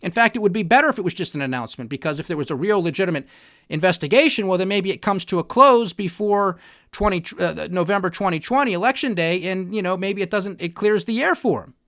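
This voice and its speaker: A man's voice: high voice, animated, fast talker, a bit bright, no room sound, clean studio sound. Emphatic man hosting a political podcast. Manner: emphatic, repeats "All right?" to the listener. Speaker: podcast host.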